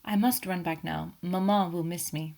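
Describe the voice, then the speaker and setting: A woman's voice: fairly low pitch, steady tone, normal speed, gravelly, darkish tone. A woman voicing an anxious, shy young French woman who speaks breathlessly and hesitantly in an audiobook. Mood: anxious, pleading. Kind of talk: audiobook character voice.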